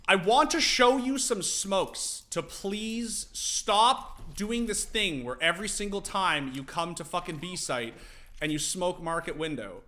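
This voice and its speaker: A young man casually streaming, teaching game tactics to his chat, animated and profane. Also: sits high, unhurried. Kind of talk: casual livestream commentary.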